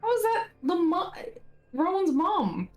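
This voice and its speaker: A woman player in a tabletop game who is excitable and swears in mock outrage. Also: very high voice, a little slow, echoey room, faint music behind. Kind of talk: casual game chat.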